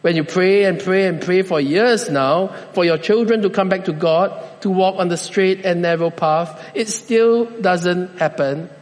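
A man preaching a sermon as pastor, speaking slowly and deliberately with measured pauses. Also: high voice, long reverb tail.

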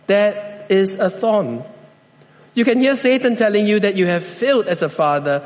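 High-voiced preacher in a reverberant hall. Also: male voice, animated, a little mellow. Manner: slow, deliberate preaching with measured pauses. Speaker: pastor. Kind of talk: sermon.

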